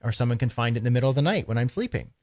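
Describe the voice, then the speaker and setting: Animated Canadian man, casual co-host. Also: mid-range voice, very fast. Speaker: podcast co-host. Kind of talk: casual chat.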